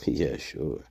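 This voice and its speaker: A man's voice: extremely low pitch, vocal fry, darkish tone, husky. A man hosting a casual livestream, talking in a rambling, profane, repetitive way and laughing often. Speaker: livestream host.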